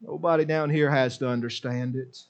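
A man preaches passionately and briskly, alternating loud exclamations with low, quiet asides in a repetitive, emphatic rhythm. His intonation stays fairly even, and the recording's highs are cut off.

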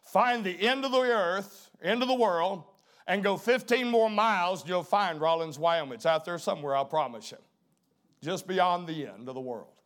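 A middle-aged man preaching a sermon, dropping to hushed low emphasis and then rising to loud, emphatic preaching. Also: lively intonation, normal speed.

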